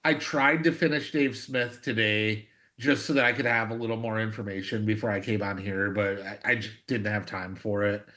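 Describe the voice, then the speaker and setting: A man on a podcast as a guest, chatting casually with halting starts and some swearing. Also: fairly low pitch, steady tone, sharp tone. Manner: laid-back, halting starts, profane. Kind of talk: casual chat.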